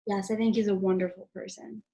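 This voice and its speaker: A young woman playing a deadpan, sardonic secretary. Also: mid-range voice, brisk, gravelly, natural voice. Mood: wry. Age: teens. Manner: deadpan, wry. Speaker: student actor. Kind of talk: school play read over video call. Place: at home. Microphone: video call.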